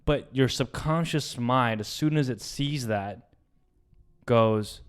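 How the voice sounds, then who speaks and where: Smooth-voiced young man telling a story. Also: mid-range voice, slow pace. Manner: animated retelling, acts out quoted voices, swears. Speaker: podcast co-host. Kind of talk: casual storytelling.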